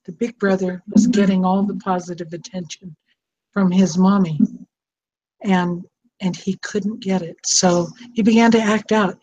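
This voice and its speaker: An older woman tells an earnest, heartfelt personal story about being a grandmother, speaking about estranged parents. Her mid-range voice is a little slow, a little mellow, and fairly even in intonation. The audio is dull, coming through an online call microphone with an echo.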